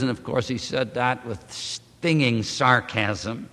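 A man's voice: medium pitch, bright, forceful tone. Preacher man in a reverberant hall. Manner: emphatic, drawn-out phrasing; addresses congregation as beloved. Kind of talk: sermon with scripture reading.

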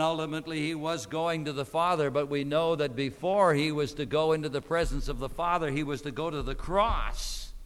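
A man's voice: on the high side, a bit bright, clear, resonant tone, long reverb tail. A man preaching a sermon, emphatic, with rhetorical questions to his listeners.

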